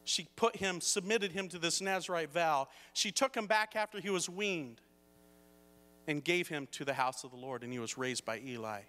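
A man's voice: fairly high pitch, normal speed, bright, forceful tone. A middle-aged man preaching a sermon as pastor, telling a personal story and building to emphatic points. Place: church hall. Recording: long hall reverb.

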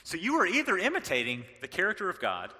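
A middle-aged man from the American South giving a lively, joking sermon as a pastor. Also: sits high, fast talker, long reverb tail. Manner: animated, joking, with playful impressions.

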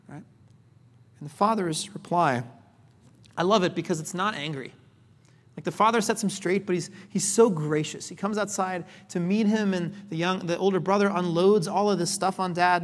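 High-voiced conversational preacher. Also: male voice, normal speed. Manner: conversational, with frequent "right?" asides; animated, acts out quotes. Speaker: pastor. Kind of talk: sermon. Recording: long hall reverb.

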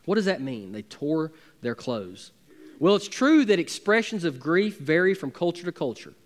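A man's voice: high-pitched, very animated, fairly quick. A man, preaching a sermon as pastor with emphatic, building intensity.

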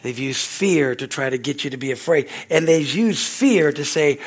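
A man preaching a sermon in a conversational style, often asking the congregation "Amen?" and acting out quoted voices, rising loud at climaxes and dropping soft. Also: on the high side, normal speed. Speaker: pastor.

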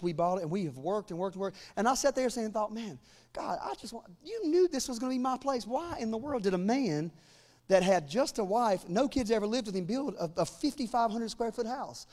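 A man in his forties preaching a sermon as pastor, joking with the congregation and building to loud, fervent declarations. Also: high-pitched, animated, brisk. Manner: humorous asides to the congregation.

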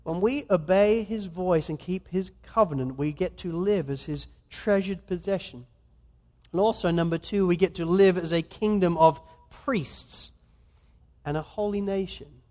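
A man with an Australian accent, a guest pastor preaching a sermon in a conversational, earnest manner that swings between soft and loud. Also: high voice, unhurried. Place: church. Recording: long hall reverb.

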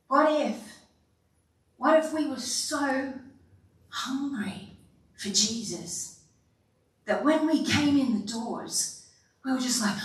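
Slow-preaching woman pastor, animated, heard from afar in a very echoey hall. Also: fairly high pitch, recorded from a distance. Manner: animated, acts out quotes with sighs and laughs. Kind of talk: sermon. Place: church sanctuary.

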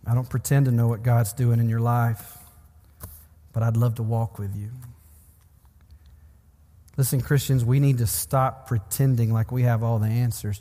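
A man's voice: mid-range voice, flat delivery, normal speed, pauses often, dark tone. A man preaching a sermon in an earnest, pastoral way, building emphasis through repeated phrases. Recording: long hall reverb.

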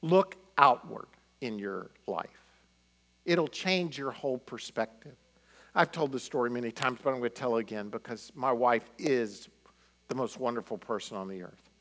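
A middle-aged man telling personal stories in a conversational sermon, animated and full of fillers. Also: medium pitch, moderate pace. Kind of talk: sermon storytelling.

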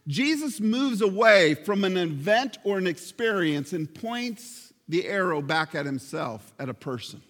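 A male pastor preaching a sermon with emphatic, slowly stressed phrases. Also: high-pitched, very animated, a bit bright, in a large hall.

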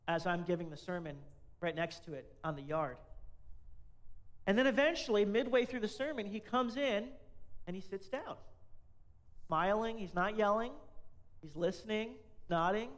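A man's voice: sits high, a bit bright. A man, a pastor, giving a conversational sermon and asking the congregation questions.

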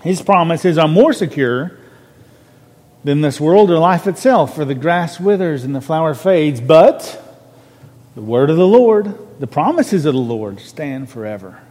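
A minister preaching a sermon from a podium, earnest and conversational, stressing key words. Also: male voice, on the high side, expressive, unhurried, a little mellow, in a large hall. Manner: earnest, conversational preaching with restarts and rising emphasis. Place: church sanctuary on a raised podium.

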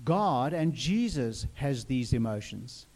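Gelassener Prediger mit warmer Stimme. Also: male voice, mid-range voice, very animated, slow. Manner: earnest, repeats phrases, asks the listeners questions. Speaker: preacher. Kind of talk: sermon.

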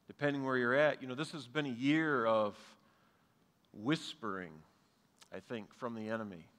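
Pastor preaching in a reverberant hall. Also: male voice, medium pitch, a bit bright. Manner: earnest, conversational preaching with light humor. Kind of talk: sermon. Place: church sanctuary, live and streamed.

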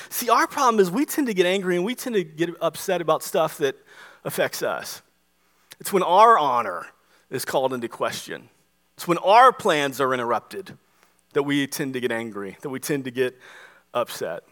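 A male pastor preaching a sermon, animated, acting out the voices he quotes. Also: fairly high pitch, moderate pace. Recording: long hall reverb.

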